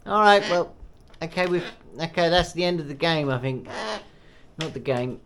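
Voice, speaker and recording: A man's voice: a little high, lively intonation, normal speed, a bit bright, a little hiss or hum. A man chatting to his pet bird in a vlog, with playful baby talk and cheering. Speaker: pet owner and channel host.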